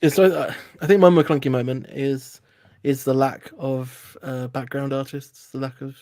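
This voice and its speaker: A man appearing as a guest on a casual livestream, speaking in a relaxed, thoughtful way with many pauses and fillers. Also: medium pitch, no echo, studio quality.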